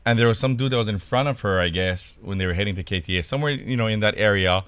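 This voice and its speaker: A man's voice: fairly low pitch, fast talker, a bit bright, clear, resonant tone, dry recording. A man from Hawaii co-hosting a podcast, telling a funny story in casual chat and laughing along as he goes. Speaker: podcast co-host.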